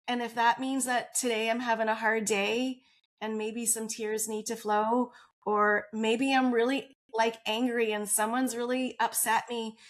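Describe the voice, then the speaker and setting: A woman guest on a podcast interview, telling her personal story in an open, earnest way and laughing often. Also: medium pitch.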